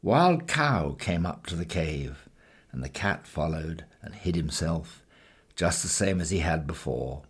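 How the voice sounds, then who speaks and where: A man reading a classic children's story aloud in measured, rhythmic storybook narration. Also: sits low, slightly rough. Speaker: reader.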